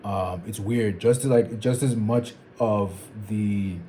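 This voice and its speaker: A young man from Zimbabwe talks alone to the camera in a reflective vlog, thinking aloud as he meanders and repeats phrases while working through his thoughts. His voice is on the low side and mellow, with fairly even intonation and a slow pace, plus a little hiss or hum.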